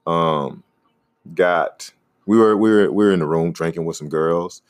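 A man hosting a casual podcast, rambling in a laid-back way and giving shout-outs to listeners. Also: sits low, measured pace, no room sound, studio quality. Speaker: podcast host; comedian.

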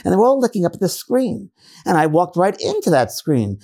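A refined, awed woman from beyond, speaking with a British accent in a raised, lilting voice, as a man puts her on. Her tone stays soft and wondering, with a gravelly, husky edge underneath. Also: high-pitched, big pitch swings, brisk, voice pushed up, full character voice. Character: departed woman friend, gentle, awed, refined.

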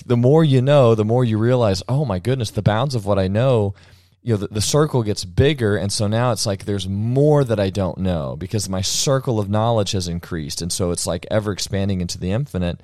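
Rambling low-voiced man on a dry mic. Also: lively intonation, a little fast, darkish tone, no room sound. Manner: rambling, laughs often, many restarts. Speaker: podcast host. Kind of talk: casual chat.

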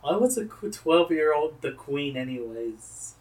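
A man's voice: fairly high pitch, very animated, a little slow, recorded from a distance, over a noisy crowd. A young man hosting a casual podcast chat, joking crudely and swearing freely. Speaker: podcast host. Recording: roomy echo.

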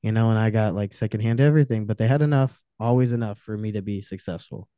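With a lowish, clean voice and a fast pace, a man of Romanian heritage holds forth as a podcast guest, heated and emphatic and cursing often. The recording has no room sound, though the high frequencies are cut off.

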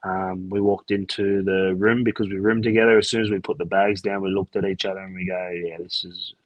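A man's voice: deep voice, little pitch movement, brisk, no echo, lo-fi sound. An Australian man, a retired footballer, telling stories in a casual interview, laid-back and full of fillers. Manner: retells events by acting out quoted chats. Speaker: retired rugby league player, guest.

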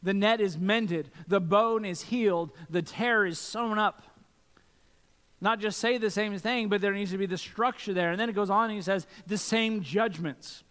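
A man's voice: high voice, moderate pace, fairly bright tone. A man preaching a sermon as pastor, earnest and asking many rhetorical questions. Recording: long reverb from a church hall.

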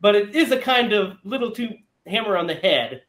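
A man chatting casually about an old movie, animated and quick to laugh as he recaps the plot. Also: sits high, roomy sound.

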